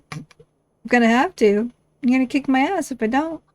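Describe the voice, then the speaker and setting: A woman streaming a game, reacting in excitable, foul-mouthed casual commentary. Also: high-pitched, normal speed, a little hiss or hum. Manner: excitable, swearing, laughing reactions.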